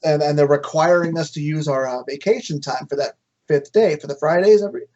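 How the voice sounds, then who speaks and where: A man's voice: on the high side, a little mellow, lo-fi sound. Joking, cursing man on a podcast. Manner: joking, profane, halting with fillers. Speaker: podcast co-host. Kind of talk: casual podcast chat.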